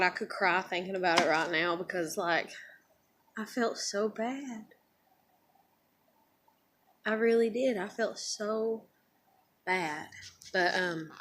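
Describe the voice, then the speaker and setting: A woman's voice: mid-range voice, a bit bright, slight background noise. A woman vlogger telling a personal story in a casual, rambling way, full of fillers and blunt swearing. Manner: rambling, filler-heavy storytelling with frequent "like" and "you know". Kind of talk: casual storytelling while eating.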